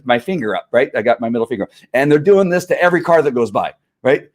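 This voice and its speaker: A man's voice: mid-range voice, very animated, fast, few pauses. A middle-aged man hosting a casual solo livestream, rambling and opinionated, with frequent laughs and fillers. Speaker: host.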